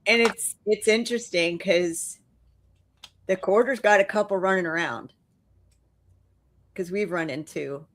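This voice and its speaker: A woman's voice: medium pitch, measured pace, pauses often. A woman with a New Orleans accent co-hosting a paranormal talk show, telling a story in a plain, matter-of-fact way. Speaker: podcast co-host. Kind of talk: casual chat.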